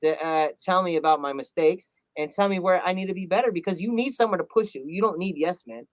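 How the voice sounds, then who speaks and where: A man, a rap artist, telling a personal story in an earnest, animated way, often laughing and acting out quotes. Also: sits high, fast, dry recording. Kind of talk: casual interview storytelling.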